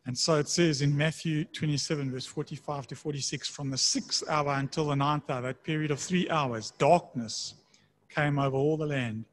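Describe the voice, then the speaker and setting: A man preaching a sermon in a conversational way, slowing down to read scripture aloud. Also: a little high, steady tone. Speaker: pastor.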